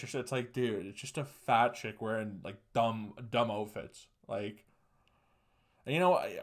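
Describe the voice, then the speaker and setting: A young man hosting a podcast, ranting alone with crude, profane jokes and laughing at his own punchlines. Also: mid-range voice. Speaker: podcast host. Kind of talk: solo comedic rant.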